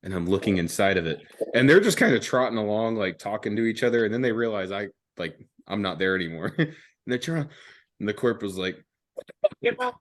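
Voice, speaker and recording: A young man hosts a podcast, telling a story in a fairly low, expressive voice at a quick pace. He's laid-back and profane, laughing often and leaning on slang, swearing and fillers like "dude" and "man".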